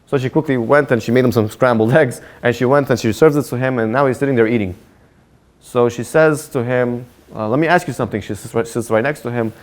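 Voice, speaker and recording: A man, a rabbi, telling a story and drawing a life lesson from it in an animated way. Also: medium pitch, brisk. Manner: animated storyteller, repeats himself when excited. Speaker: rabbi teaching a Torah class. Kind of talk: storytelling sermon with a moral lesson.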